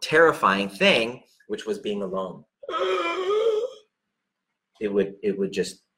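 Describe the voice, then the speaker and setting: A man's voice: fairly low pitch, animated, moderate pace, pushed and bright. A man giving blunt relationship coaching, talking directly to the listener, emphatic and peppered with swearing. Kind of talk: direct unscripted coaching talk.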